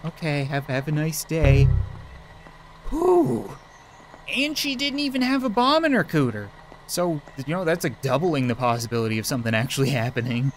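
A man talks through a game in a casual commentary voice, pitched a little above most men. He cracks crude jokes and laughs often at his own remarks. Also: very animated, normal speed, a little hiss or hum. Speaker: gaming video host.

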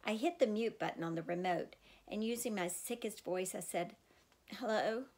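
Female audiobook narrator, expressive and girlish first-person telling. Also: medium pitch, moderate pace.

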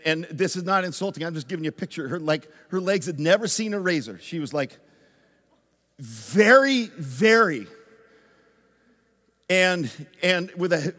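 Animated pastor telling a story in a reverberant church. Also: male voice, high-pitched. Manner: animated storyteller, swings from loud excitement to hushed intensity. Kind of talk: storytelling sermon. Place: church sanctuary.

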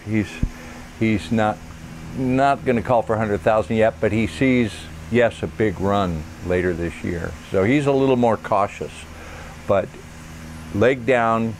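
Male host, casual comedic chat, low-key delivery. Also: a little hiss or hum.

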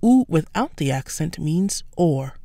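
A woman giving a scripted language lesson, explaining words slowly and carefully with French examples. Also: deep voice, big pitch swings, dark tone, no room sound. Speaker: French teacher.

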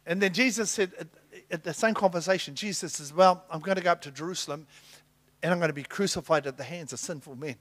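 A middle-aged man preaching a sermon, telling Bible stories and acting out the dialogue with big swings in loudness. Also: fairly high pitch, quick pace. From New Zealand. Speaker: apostle preaching.

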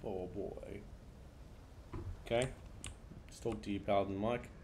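A man's voice: fairly low pitch, steady tone, measured pace, a little mellow, a little hiss or hum. A man live-streaming a video game, commenting casually in a laid-back, amused way.

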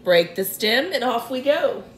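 A woman reading the part of a kind, gentle female ladybird in a storybook, with a motherly, reassuring manner. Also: on the high side, animated, unhurried, echoey room.

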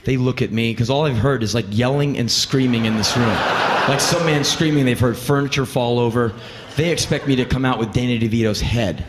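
A man performing spoken word, telling a comic story in an intense, profane, animated way. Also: mid-range voice, a little fast, very noisy. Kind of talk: live comedic storytelling. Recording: reverberant hall with faint ambience.

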